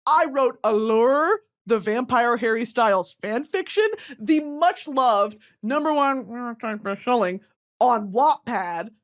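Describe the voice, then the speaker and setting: Dramatic, animated woman podcast host. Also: a little high, a little slow. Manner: dramatic, swings between mock outrage and giggles. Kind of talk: comedic chat.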